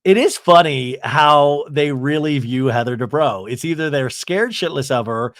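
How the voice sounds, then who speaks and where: A man's voice: fairly high pitch, normal speed, fairly bright tone, no room sound, clean studio sound. A man hosting a comedy podcast, recapping a reality show in a gossipy, campy way. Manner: gossipy, campy, jumps into voices. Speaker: podcast host.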